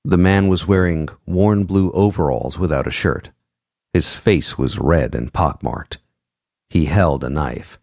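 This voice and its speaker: A man narrating an audiobook in a measured, expressive way, voicing each character. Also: extremely low pitch, gravelly, dry recording, clean studio sound.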